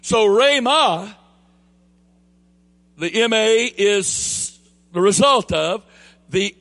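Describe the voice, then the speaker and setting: A man with a Southern US accent preaching a sermon, emphatic and building to near shouts, then easing into quieter storytelling. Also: sits high, expressive, extremely slow. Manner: emphatic, rising to near shouts on key phrases; drops into a quieter storytelling tone for anecdotes.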